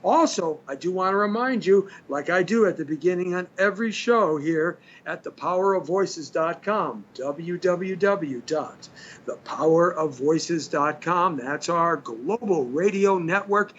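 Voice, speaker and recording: An older man hosting a radio show, wandering through chatty, joking asides at an easy pace. His voice sits a little high for a man. The studio feed sounds dull and lo-fi, with faint hiss underneath. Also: fairly bright tone. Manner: rambling, chatty, jokey asides. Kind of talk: casual radio monologue.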